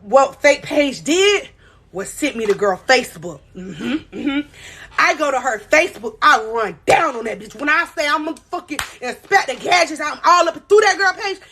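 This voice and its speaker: Animated young woman telling a story. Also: high voice. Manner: animated, dramatic retelling, reads chat aloud. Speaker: live-stream host. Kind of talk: casual storytelling on a live stream.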